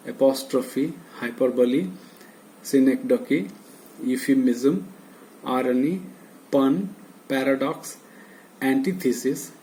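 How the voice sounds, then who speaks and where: In this poor-quality recording with a bit of background noise, a man speaks in a mid-range, dark-toned voice with vocal fry. He has an Indian English accent and is delivering a slow university lecture, hesitant and full of filler sounds, going through terms one by one.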